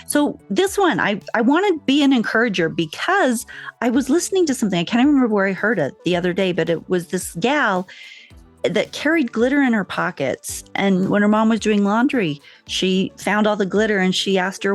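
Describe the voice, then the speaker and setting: A woman's voice: mid-range voice, lively intonation, a little fast, faint music behind. A woman hosting a podcast in casual chat, telling stories with enthusiasm. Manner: enthusiastic, storytelling. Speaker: podcast host.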